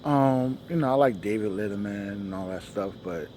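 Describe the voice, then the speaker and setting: A man's voice: big pitch swings, moderate pace, hardly any pauses, darkish tone. A man hosting a comedy show, telling a loose, slangy stand-up monologue and acting out the people in his stories. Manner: loose slangy storytelling, acts out dialogue in shifting voices; sings a repeated show jingle in a high voice.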